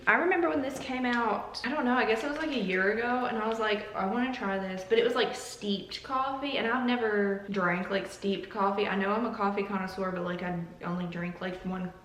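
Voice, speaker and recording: A woman's voice: a little high, normal speed, hardly any pauses, a bit bright, reverberant, recorded from a distance, slight background noise, rough recording. A young woman hosting a casual vlog, chatty and joking as she tastes coffees and drifts into tangents. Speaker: YouTuber.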